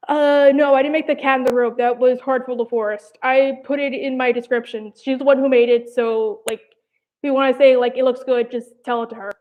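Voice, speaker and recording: A woman's voice: high voice, steady tone, a little fast. A young woman from New chatting casually on a livestream, hesitant and rambling. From New Jersey. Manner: rambling, hesitant, many "like" and "I don't know". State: slightly out of breath. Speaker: animation commentary channel host. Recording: tinny phone-like audio.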